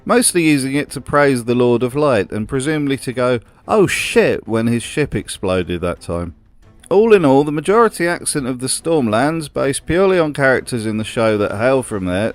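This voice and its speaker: Guy doing dry sarcastic commentary, mid pitch, faint music behind. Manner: dry, sardonic. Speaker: host. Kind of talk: comedic commentary.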